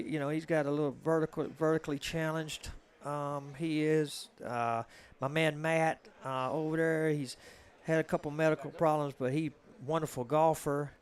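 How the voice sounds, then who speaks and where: A man with a Southern US accent from Georgia, chatting in a rambling, joking way as a commentator on a live pool stream. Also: a little high. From Georgia, USA. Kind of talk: casual live-stream chat.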